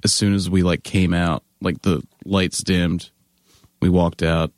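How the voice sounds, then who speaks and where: A man's voice: low-pitched, little pitch movement, measured pace, darkish tone, no room sound. A man in his thirties, a band member, telling stories in casual chat, laughing often and acting out other people's lines. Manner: laughs often, acts out quoted people in a raised voice.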